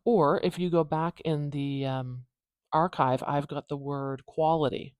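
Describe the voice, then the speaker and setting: A Canadian English speaker teaching phonetics in a casual tutorial, patiently repeating sounds slowly to demonstrate them. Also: medium pitch, fairly even intonation, dry recording, muffled recording.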